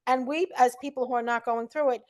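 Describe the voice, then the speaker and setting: A woman co-hosting a casual podcast talks with earnest empathy. Her voice sits a little high. She explains her point patiently. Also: fairly even intonation, fast talker, dry recording, studio quality. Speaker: podcast co-host. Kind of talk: casual chat.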